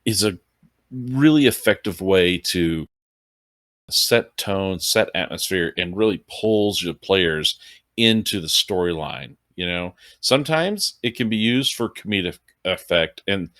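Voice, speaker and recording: A man with a low voice co-hosts a casual podcast about tabletop horror games. He explains his ideas in a measured way, recorded with a dry, close sound. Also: expressive, a bit bright, dry recording. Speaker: podcast co-host.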